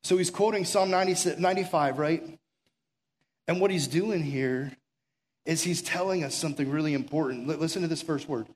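A man's voice: a little high, moderate pace, a little mellow. A man preaching a conversational sermon as pastor, urgent and full of rhetorical questions. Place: room with a gathered audience.

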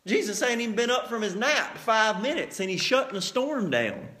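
High-voiced, animated preacher. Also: male voice, normal speed. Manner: animated storytelling, acts out scenes. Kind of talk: sermon.

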